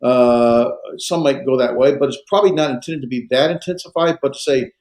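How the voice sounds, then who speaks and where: A man's voice: medium pitch, fairly quick, a little mellow, reverberant, poor audio. A man teaching a Greek grammar class, explaining with frequent fillers and restarts. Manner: hesitant, many fillers and restarts. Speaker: Greek instructor. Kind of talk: classroom lecture with questions.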